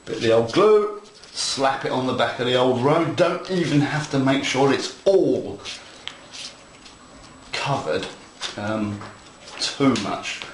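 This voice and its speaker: Here the model railroad instructor talks at a slow pace with long pauses, his voice medium in pitch. He stays casual, chatty, and playful as he shows his work hands-on, and the recording carries room echo and faint noise.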